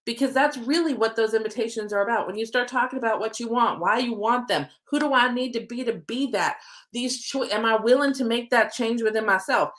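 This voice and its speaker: A woman's voice: fairly high pitch, brisk, fairly bright tone. A woman hosting a casual livestream oracle card reading, chatty and playful, with some casual swearing. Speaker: oracle card reader and manifesting coach. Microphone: desk setup with computer screens.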